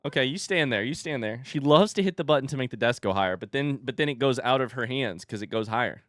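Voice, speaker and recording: A man streaming from home, chatting casually and telling an animated story between laughs. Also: medium pitch, quick pace, no echo, clean studio sound. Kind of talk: casual chat. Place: home room with a standing desk.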